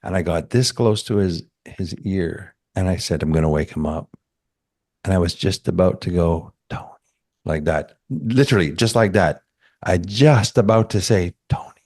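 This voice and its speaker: A man telling a personal story in a casual chat, animated and acting out the quotes. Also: low-pitched, moderate pace.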